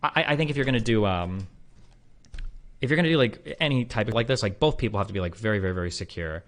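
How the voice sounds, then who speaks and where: A man's voice: fairly low pitch, fast talker, fairly bright tone. A man in his thirties talking casually to a stream audience, rambling with lots of fillers and blunt, profane asides. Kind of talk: casual monologue to a livestream audience.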